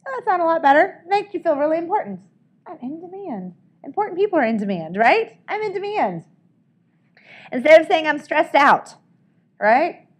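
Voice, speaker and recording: Woman, sales trainer, upbeat coaching talk, fairly high voice. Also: lively intonation, a little fast. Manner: upbeat, coaching, often asks "right?".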